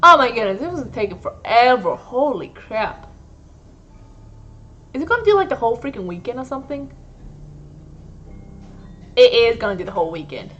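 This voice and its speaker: A woman plays through a game and reacts out loud, giggling, exasperated, and dropping swears as she goes. Her voice sits fairly high, and faint game music plays underneath. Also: very animated, moderate pace, pauses often, lo-fi sound. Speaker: gaming video creator. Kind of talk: let's play commentary.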